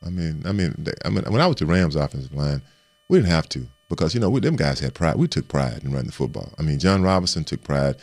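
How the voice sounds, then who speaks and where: A man, a former running back and co-host on a sports radio talk show, telling animated stories and acting out quotes loudly. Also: a bass voice, quick pace.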